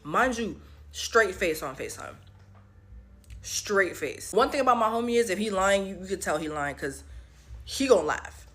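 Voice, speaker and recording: A young woman telling a storytime into her phone, animated and profane, talking straight to her viewers. Her pitch sits in a middle range. Casual, unpolished delivery. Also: moderate pace.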